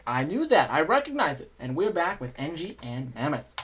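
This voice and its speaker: A man's voice: fairly high pitch, big pitch swings, normal speed, a bit bright, slight background noise. Guy streaming a game, chatty and jokey, talking to chat while he plays. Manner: chatty and joking, answers chat mid-play. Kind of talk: casual gameplay commentary.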